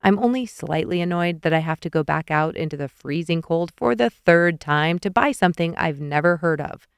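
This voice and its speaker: A woman's voice: fairly low pitch, normal speed, gravelly, clear, resonant tone, no echo. A woman voicing a slightly weary young man who teases dryly, in an audiobook. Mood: mild exasperation. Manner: dry, teasing.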